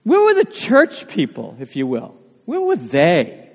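A male pastor preaching a sermon, animated and full of rhetorical questions. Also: sits high, measured pace. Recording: long reverb of a church hall.

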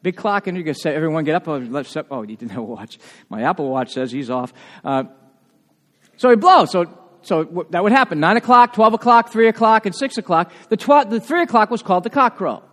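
A male pastor preaching a sermon in a church, animated and emphatic, with frequent asides to the congregation. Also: high voice, fairly quick. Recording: long reverb of a large hall.

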